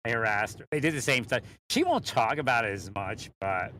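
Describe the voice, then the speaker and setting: A man's voice: mid-range voice, lively intonation, fairly quick, bright, forceful tone, slight background noise. Rambling man talking while driving. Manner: rambling, laughs often between thoughts. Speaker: vlogger. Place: inside a vehicle on the road. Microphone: mounted mic, sometimes leaning away.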